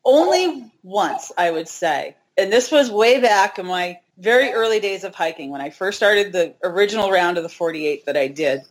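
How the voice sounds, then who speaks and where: Animated woman telling trail stories. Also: medium pitch. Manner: animated, acts out quoted dialogue. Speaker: interview guest, hiker. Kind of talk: casual interview storytelling.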